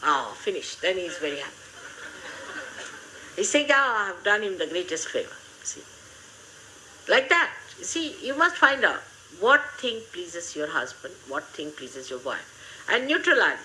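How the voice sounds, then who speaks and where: An older woman, giving a gently humorous, motherly spiritual talk to her followers. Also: on the high side, a little hiss or hum, low-quality recording. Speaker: spiritual teacher.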